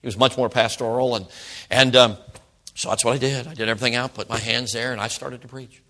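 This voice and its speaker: A man in his sixties, a pastor telling a story in a sermon, swinging from loud outbursts to hushed whispers. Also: mid-range voice, steady tone, fast talker. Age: 60s.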